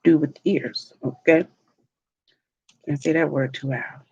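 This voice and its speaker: A woman, a mother, telling stories in a relaxed, chatty way while eating on a livestream vlog. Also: sits low, husky, highs cut off. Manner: slow, chatty storytelling with laughs. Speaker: mukbang vlogger. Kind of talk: casual chat while eating. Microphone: livestream mic.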